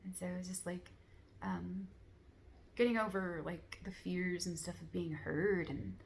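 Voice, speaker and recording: A woman speaking in a soft, earnest, rambling way, full of casual fillers, sharing reflections in a relaxed monologue. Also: fairly low pitch, a little slow, vocal fry, a little hiss or hum. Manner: soft, rambling, many "like" fillers, gentle laughs; earnest, affirming. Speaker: spiritual vlogger.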